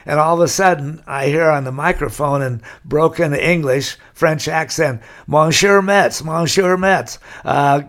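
An older man from California, telling long anecdotes in an interview and chuckling as he goes. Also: on the high side. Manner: rambling anecdotal storyteller, chuckles. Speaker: guest. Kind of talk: storytelling interview.

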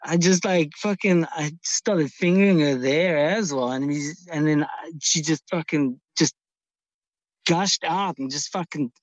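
A man's voice: a little high, unhurried, dry recording. A young man calling in, telling a long story in a rambling way with heavy swearing and many restarts. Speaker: caller. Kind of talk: casual storytelling.

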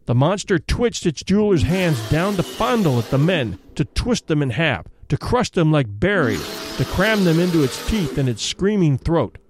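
A man narrating a story aloud in a measured, dramatic way, slowing for effect and dropping low at quiet moments. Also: big pitch swings.

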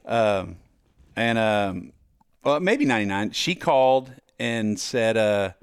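A man's voice: fairly low pitch, takes it slowly, clear, resonant tone, no room sound, studio quality. A man on a podcast as the guest musician, telling stories and acting out the voices of the people in them. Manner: lively storyteller acting out quoted voices. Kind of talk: podcast storytelling.

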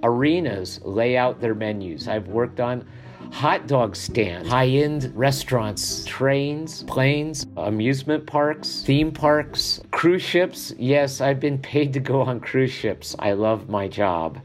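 Brief: older male consultant, mid-pitched, upbeat and confident interview talk. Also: animated, soft background music. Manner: upbeat, brisk explanations, listing things off. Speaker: menu consultant. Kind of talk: interview answers.

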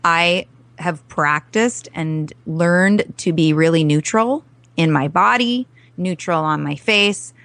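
A woman's voice: fairly low pitch, takes it slowly, fairly bright tone, dry recording. A woman parent coach talking earnestly in a podcast interview, telling stories with acted-out quotes.

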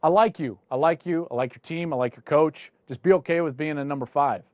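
Man, sports talk host, mock-indignant rants, slightly high voice, dry studio sound. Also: brisk, no echo, narrow, tinny audio. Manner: mock-indignant ranting at viewers.

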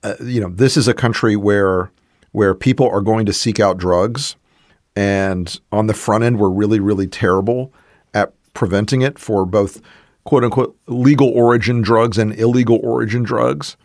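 A man from the American South co-hosting a political discussion, measured and earnest, with many "you know" fillers. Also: on the low side, fairly even intonation, darkish tone, dry recording, studio quality. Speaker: podcast co-host.

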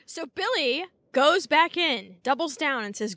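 A woman co-hosting a podcast, casually recapping a TV episode and acting out character lines with lively energy. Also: high-pitched, measured pace, no echo. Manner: animated retelling, acts out character lines. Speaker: podcast co-host.

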